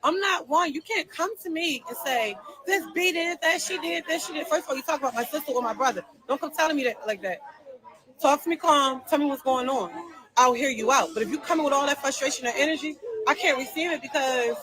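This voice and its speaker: A woman's voice: high voice, brisk, crowd noise, poor audio. A woman venting on a livestream, telling her side of a falling-out in an emphatic, repetitive and heated way.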